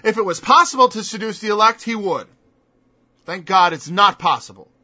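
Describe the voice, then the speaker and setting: High-voiced, emphatic preacher. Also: male voice, lively intonation, normal speed, bright, forceful tone, no echo. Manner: emphatic, mocking rhetorical questions. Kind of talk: sermon. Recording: dull lo-fi recording.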